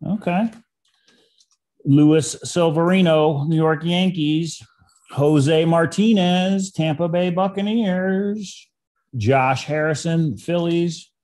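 A man hosting a casual card-opening video, reading names aloud and dropping into quiet asides. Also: a little high, slow. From Detroit area. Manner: reads names flatly, drops into quiet asides. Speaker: channel host.

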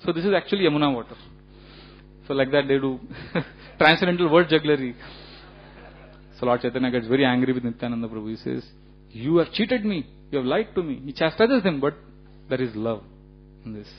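A man giving a religious lecture, telling stories in an animated way with frequent chuckles and casual fillers. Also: mid-range voice, a little fast, pauses often. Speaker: speaker giving a temple lecture. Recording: dull lo-fi recording with faint hum.

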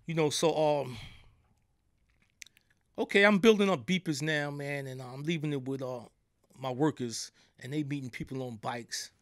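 A man's voice: fairly high pitch, normal speed, no echo, studio quality. A middle-aged man from New York with a New York accent, a podcast guest telling stories in a casual, streetwise way and often asking "you know what I'm saying". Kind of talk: casual storytelling. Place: podcast studio.

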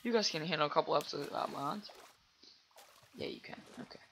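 A man giving casual let's play commentary while he plays, rambling chattily with lots of fillers and breaking into loud excited reactions to the game. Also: fairly high pitch, quick pace, a little hiss or hum. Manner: rambling and chatty, full of "like" and "you know".

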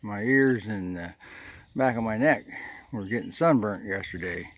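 A man's voice: fairly low pitch, measured pace, no room sound. A man, rambling and folksy as he vlogs outdoors on a ridge trail, short of breath from the climb. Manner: rambling, folksy, thinking aloud. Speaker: hiking vlogger. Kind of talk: casual vlog narration while hiking.

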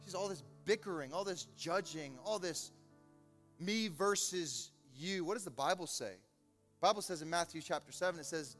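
A man preaching an energetic, joking sermon as pastor, swinging from loud preaching to low asides. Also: normal speed. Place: large church hall. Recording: reverberant hall with music.

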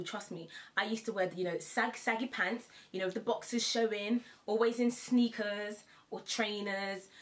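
A woman's voice: medium pitch, fairly bright tone. A young woman vlogging in a casual, chatty way, laughing often and repeating herself for emphasis. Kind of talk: casual to-camera chat.

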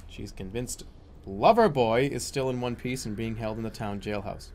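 A man's voice: medium pitch, animated, normal speed, a little mellow, slight background noise. A man commenting on a horror game while he plays, joking and crudely mocking the voice acting. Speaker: streamer playing a horror game.

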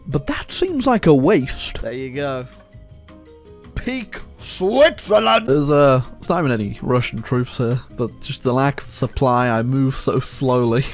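A man commentating a strategy game, joking sarcastically to his viewers, with many fillers and self-corrections. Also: medium pitch. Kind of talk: video game let's-play commentary.

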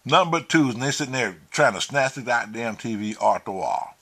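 A man telling a profane, animated story, acting out the quotes. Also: medium pitch, brisk, breathy edge. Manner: animated, swears freely, acts out quotes. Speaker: vlogger.

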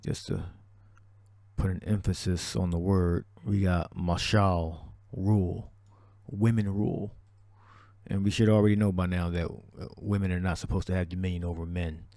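Man preaching on scripture, low mellow voice, dry sound, loose and repetitive. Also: flat delivery, normal speed, no echo. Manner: repetitive, restarts, scripture-heavy. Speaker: religious teacher. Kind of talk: preaching commentary on a video.

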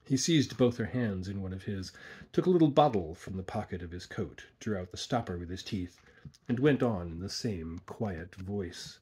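A man slowly reading a horror story aloud in a hushed, deliberate way. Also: deep voice, expressive, slightly rough. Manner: slow, hushed, deliberate narration.

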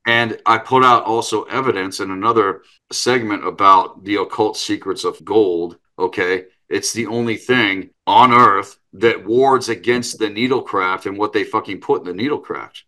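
A man's voice: fairly low pitch, normal speed, hardly any pauses, bright, forceful tone. A man hosting a casual talk, speaking in an insistent, salesy and profane way. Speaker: host. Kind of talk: casual conversation.

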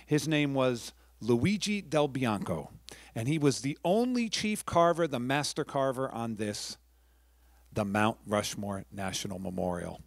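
A man's voice: mid-range voice, animated, a little slow, no room sound. A middle-aged man from New York, a professional storyteller giving a chatty talk to a live audience, with friendly asides and restarts.

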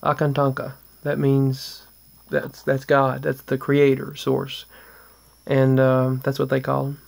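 A man's voice: mid-range voice, completely flat delivery, slow, vocal fry. A man earnestly telling a rambling, casual story about paranormal events at home, often restarting his sentences. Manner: rambling, with restarts and trailing asides. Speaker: vlogger.

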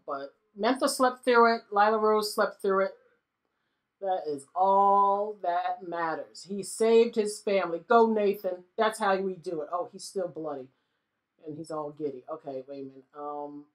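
A woman giving casual let's-play commentary on a life-sim game, laughing often and briefly voicing the characters. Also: on the low side. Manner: giggly, animated, voices characters in quick asides. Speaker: gaming YouTuber.

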